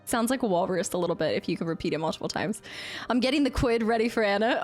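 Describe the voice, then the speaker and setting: A young woman streamer chatting casually with her viewers, bubbly and quick to laugh. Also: mid-range voice, faint music behind. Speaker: variety streamer. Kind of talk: casual live-stream chat.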